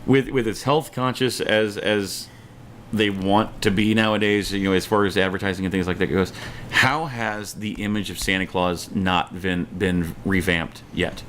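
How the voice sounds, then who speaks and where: A man's voice: deep voice, fairly even intonation, normal speed, fairly bright tone, a little hiss or hum. A man co-hosting a podcast, chatting casually and stumbling over repeated words. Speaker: podcast co-host. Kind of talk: casual chat.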